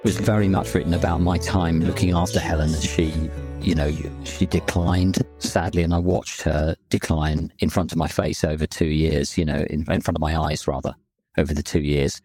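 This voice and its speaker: A man, a songwriter in a band, talking in a halting, emotional way, often repeating words. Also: rumbling low, little pitch movement, a little mellow, husky, dry recording, faint music behind. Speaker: lyricist and singer in a band. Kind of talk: reflective podcast chat.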